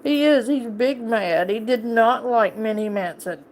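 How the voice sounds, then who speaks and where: A woman's voice: on the high side, measured pace, slight background noise. A woman streamer chatting casually and playfully teasing her pet on a live stream.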